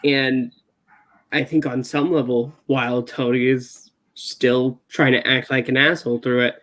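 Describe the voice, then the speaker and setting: A man's voice: medium pitch, flat delivery, unhurried, fairly bright tone, poor audio. Guy with a mid voice stumbling over his words in a show review chat. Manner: hesitant, stammering restarts. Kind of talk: casual chat.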